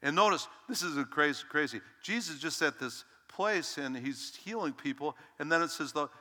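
A male pastor preaching a lively, emphatic sermon to his congregation and calling out "Amen?" as he goes. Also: a little high, normal speed, in a large hall. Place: church sanctuary.

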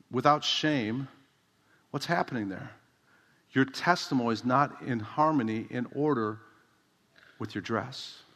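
A man's voice: medium pitch, a bit bright. A middle-aged man preaching a sermon as a pastor, conversational and direct, often asking the congregation rhetorical questions. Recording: long hall reverb.

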